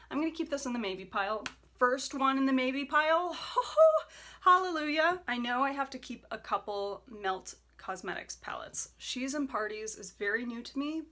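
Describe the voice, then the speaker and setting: A young adult woman chatting casually as a beauty vlogger, enthusiastic, with soft whispered asides. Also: medium pitch. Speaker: beauty YouTuber. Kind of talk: casual decluttering vlog.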